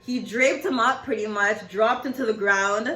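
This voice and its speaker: A woman's voice: a little high, moderate pace, a bit bright, reverberant, low-quality recording. A woman telling a story in a casual, chatty way, swearing freely and saying "like" a lot.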